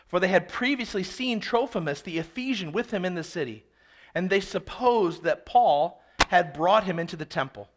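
A man preaching an expository sermon, reading scripture aloud and then explaining it with animated, dramatic emphasis. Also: high voice, normal speed. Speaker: pastor.

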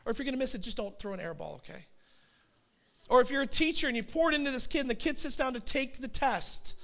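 A pastor in his forties delivers a sermon in a high, light male voice. He tells it like a story, chatty and conversational, with quick asides. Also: expressive, creaky, pushed and bright.

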